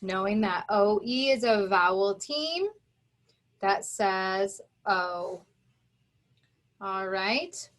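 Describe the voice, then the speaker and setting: A woman's voice: medium pitch, lively intonation, very slow, long pauses, fairly bright tone. A woman teaching a children's phonics lesson, patiently sounding out words and spelling them letter by letter.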